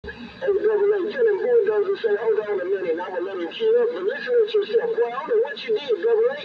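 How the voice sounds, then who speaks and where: A man's voice: very high voice, huge pitch swings, fast talker, a crowd in the background. A man chatting over a CB radio, bantering loosely and calling others by their radio handles. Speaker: CB radio caller. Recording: lo-fi CB radio with static hiss.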